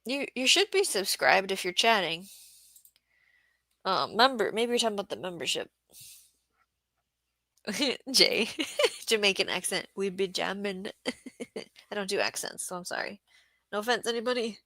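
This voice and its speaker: A woman's voice: mid-range voice, big pitch swings, unhurried, long pauses, pushed and bright, dry recording. A woman hosting a casual livestream about market gardening, chatting and reading viewer comments aloud.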